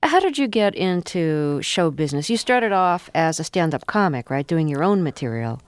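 A radio interview host reading an introduction and asking measured questions. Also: mid-range voice, very animated, clean tone, no room sound, studio quality. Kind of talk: interview hosting, scripted introduction.

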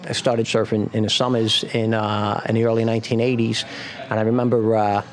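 A middle-aged surf instructor from Brooklyn, telling stories in a halting way and repeating words as he remembers. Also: lowish voice, little pitch movement. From Brooklyn, New York. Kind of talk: interview storytelling and coaching.

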